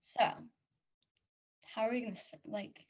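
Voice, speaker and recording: Hesitant woman, slightly high voice. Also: steady tone, measured pace, a little mellow. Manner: hesitant, self-conscious, trailing off. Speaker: podcast co-host. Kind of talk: casual chat.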